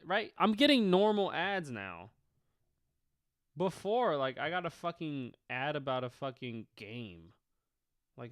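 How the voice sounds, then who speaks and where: Male sports streamer, casual and profane, smooth clear voice in a dry small room. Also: mid-range voice, dry recording. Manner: rambling, profane, many fillers. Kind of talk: casual live-stream chat.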